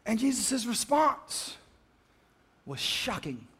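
High-voiced, animated male preacher. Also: slow pace, breathy edge. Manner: animated storytelling, acts out the scenes. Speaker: pastor. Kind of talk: sermon.

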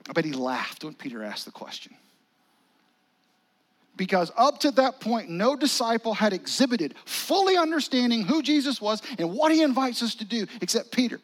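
Man, pastor, high voice, conversational sermon, drops to hushed whispers. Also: very animated. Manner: conversational, dramatic pauses, drops to a near whisper.

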